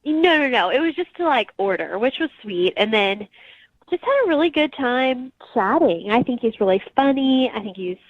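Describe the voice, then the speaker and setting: A female caller with a slightly high voice, telling her story in a chatty, easygoing way. The phone line sounds dull and dry. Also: animated, moderate pace, dry recording. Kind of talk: phone-in chat.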